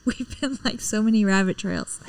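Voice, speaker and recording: A woman's voice: mid-range voice, moderate pace, a little mellow. Chatty, rambling woman in casual talk. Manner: chatty, rambling, laughs easily. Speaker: podcast co-host. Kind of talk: casual chat.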